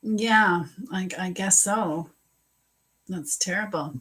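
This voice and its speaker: Slow, husky-voiced woman psychic. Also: lowish voice, a bit bright, low-quality recording. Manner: chatty and giggly, slow and emotional in readings. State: teary. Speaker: psychic medium doing live readings. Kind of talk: casual live-stream reading.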